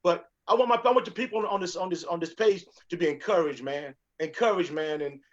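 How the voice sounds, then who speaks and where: A man with a notably high voice speaks as a guest. His talk is earnest and sermon-like, urging his listeners to stay encouraged. The audio is dull and lo-fi. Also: fast talker. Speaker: guest, sauce maker. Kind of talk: casual talk, preacher-like encouragement.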